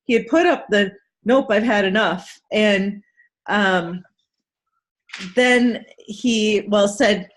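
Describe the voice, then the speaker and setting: A woman hosting a casual recap chat, telling a story in an animated way and acting out the people in it. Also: mid-range voice, takes it slowly. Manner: animated storytelling, acts out quoted people, laughs often.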